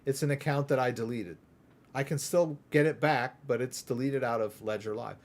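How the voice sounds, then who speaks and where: A man from the United States hosting a live crypto Q&A, talking casually and rambling as he demos software and asks "right?" again and again. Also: mid-range voice, normal speed. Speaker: crypto livestream host. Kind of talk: casual live Q&A with screen demo.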